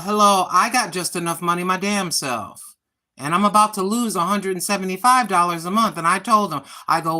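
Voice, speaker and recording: A woman's voice: fairly low pitch, brisk, bright, forceful tone. A woman in her sixties hosting a casual livestream, venting bluntly and with frustration, swearing freely as she talks. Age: 60s. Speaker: livestream host.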